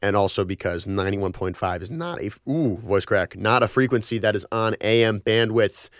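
A man's voice: fairly low pitch, flat delivery, fairly quick, no echo. A young man in his twenties hosting a college radio show in a small studio, rambling and apologizing in a casual way. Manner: apologetic, rambling, self-deprecating. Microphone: studio microphone.

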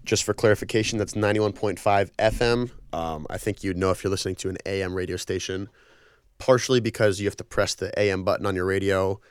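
A college radio host in his twenties talks at a quick pace in a smooth, low-sitting voice with fairly even intonation, with no echo in his small studio. Through the studio microphone he rambles, apologizes casually and gets self-deprecating.

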